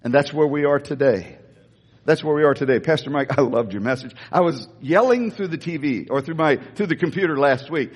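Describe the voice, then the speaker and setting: A man preaching a sermon, stressing and repeating key lines, moving between slow weighty phrases and quick asides. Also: a little high, animated, slightly rough. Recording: echoey church hall.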